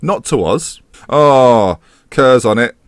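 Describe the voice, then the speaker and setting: A man's voice: medium pitch, lively intonation, slow pace, smooth, no echo, clean studio sound. Sarcastic man commentating a game. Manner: sarcastic, self-mocking, mock match commentary. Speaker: gaming YouTuber. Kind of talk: casual let's-play commentary.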